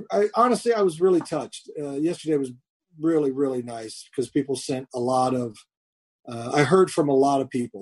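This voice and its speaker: Husky-voiced man in his fifties. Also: mid-range voice, a little mellow, no echo. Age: 50s. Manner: rambling, jokey, many fillers and restarts. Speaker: podcast co-host. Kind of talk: casual chat. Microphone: remote call mic.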